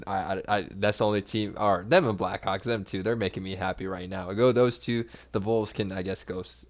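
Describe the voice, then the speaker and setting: A man's voice: on the low side, steady tone, fairly quick. A man co-hosting a sports podcast, laid-back and hesitant with fillers, laughing easily. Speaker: podcast co-host. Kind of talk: casual podcast chat.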